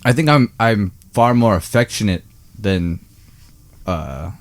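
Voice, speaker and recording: Low-voiced young man, hesitant and reflective. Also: expressive, takes it slowly, dry recording. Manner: reflective, hesitant, many "you know"s. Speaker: podcast co-host. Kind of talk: casual podcast chat.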